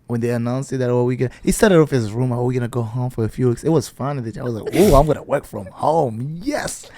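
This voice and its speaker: A man's voice: medium pitch, steady tone, racing, mellow, dry recording. Man with an African accent, rambling podcast chat. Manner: self-correcting, rambling, laughs often. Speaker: podcast host.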